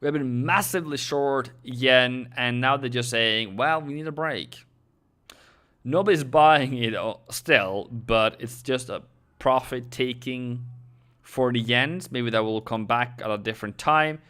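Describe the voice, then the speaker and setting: This forex trading host, a young Norwegian speaking non-native English, talks viewers through charts in a live market analysis, filling gaps with fillers and correcting himself often. His mid-range voice is unhurried and clean, fairly bright, and he speaks to viewers directly, thanking subscribers.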